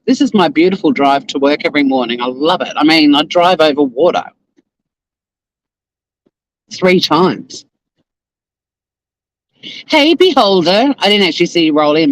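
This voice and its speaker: A man's voice: fairly high pitch, low-quality recording. A man with an Australian accent hosting a casual live-stream chat from his car, greeting viewers by name and swearing now and then. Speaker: lawyer and live-stream host. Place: in a car, driving to work.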